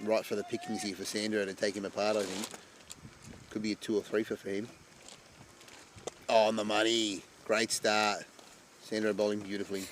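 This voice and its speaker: A man giving chatty live commentary on an amateur cricket match. He breaks into loud excitement at wickets. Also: fairly low pitch, normal speed, pauses often, slight background noise.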